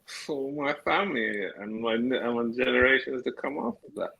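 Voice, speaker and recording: A man's voice: mid-range voice, normal speed, creaky, sharp tone, breathy edge, no room sound, rough recording. Evasive hungover man with slurred speech. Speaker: guest. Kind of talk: casual panel chat.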